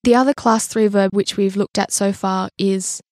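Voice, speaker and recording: A woman presents a language lesson podcast, explaining points clearly and in a friendly way, and questioning her co-teacher. Her voice sits mid-range and is recorded dry and close. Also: medium pitch, steady tone, normal speed, a little mellow, no room sound.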